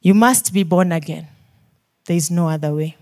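A woman's voice: lowish voice, darkish tone. Earnest, pleading Kenyan woman preacher. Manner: earnest, pleading, rapid questions, shifts from whispers to emphatic pushes. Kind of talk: sermon.

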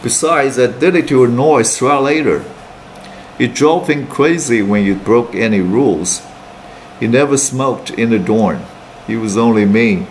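A man teaching English, reading a novel aloud in steady plain narration with brief Mandarin asides. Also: mid-range voice, unhurried, slight background noise.

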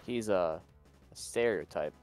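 Low voiced dude on a stream call, teasing and cussing, faint music in back. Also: male voice, measured pace, a little mellow. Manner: crude, teasing banter. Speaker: stream guest. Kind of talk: casual gaming chat.

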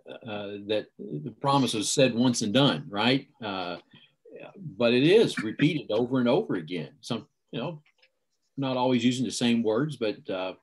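A man's voice: medium pitch, slightly rough. A man co-teaching a Bible class who reflects aloud in a hesitant, conversational way with many fillers. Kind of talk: casual scripture teaching discussion.

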